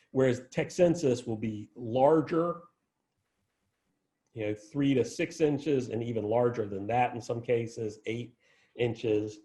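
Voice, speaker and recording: Warm and medium in pitch, this man's voice carries a casual plant lecture from an arboretum director. His delivery is chatty, full of false starts and side remarks.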